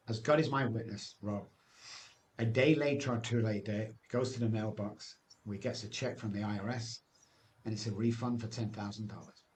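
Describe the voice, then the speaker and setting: A man's voice: fairly low pitch, steady tone, normal speed, darkish tone, slight background noise. A man, telling his recovery story as a guest in an emphatic, personal way, often ending phrases with "man". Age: 60s.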